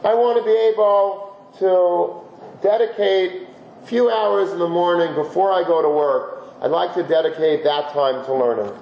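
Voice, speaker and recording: A man's voice: sits high, moderate pace, echoey room, highs cut off, a little hiss or hum. A man voicing an older shopkeeper who earnestly reasons with his wife. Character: weary older shopkeeper husband, earnest and resolved.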